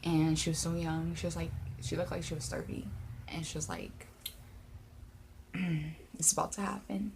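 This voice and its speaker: A young woman with a low, dark voice tells a personal story on her vlog, halting and close to tears, stumbling over her words. Faint hiss sits under the recording. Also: monotone. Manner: emotional, halting, many fillers and restarts. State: tearful, near crying. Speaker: paranormal vlogger.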